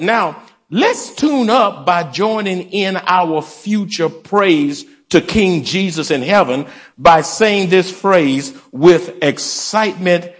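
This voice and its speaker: A man preaching a sermon to his congregation in church, calling out for responses and urging them to join in. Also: sits high. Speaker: pastor. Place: church sanctuary.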